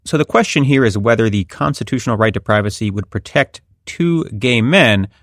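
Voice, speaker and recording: A man's voice: mid-range voice, animated, a little fast, fairly bright tone, dry recording, clean studio sound. A man hosting a podcast, explaining a court ruling in a wry, conversational way. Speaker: podcast host. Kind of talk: legal analysis chat.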